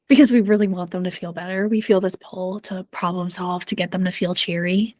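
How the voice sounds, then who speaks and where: A woman's voice: medium pitch, brisk, hardly any pauses, a little mellow, dry recording. Woman coach giving a talk, earnest and encouraging, lots of ums, pretty dry close sound. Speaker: mental performance coach. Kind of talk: presentation to parents and coaches.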